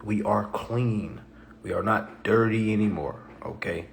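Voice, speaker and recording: A man's voice: lowish voice, measured pace, gravelly, a little hiss or hum. A man hosting a live stream, talking casually in a preachy, repetitive way, often asking "okay?" and acting out other people's doubting replies.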